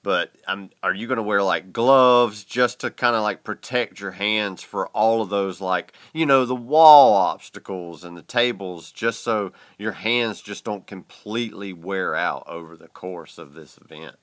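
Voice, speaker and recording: A man's voice: lowish voice, measured pace, hardly any pauses, a bit bright, no echo, studio quality. A man interviewing a guest casually, encouraging and filling his questions with likes and you-knows. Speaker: podcast interviewer.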